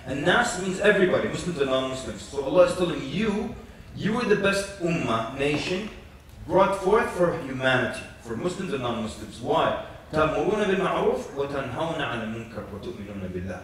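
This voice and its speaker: A man with a slightly high voice preaches to a conference crowd, lively and storytelling, acting out little quotes as he goes. He is heard from a distance in a very echoey hall with faint noise behind. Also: fast talker, hardly any pauses. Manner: animated storytelling with jokes and acted quotes. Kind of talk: conference lecture.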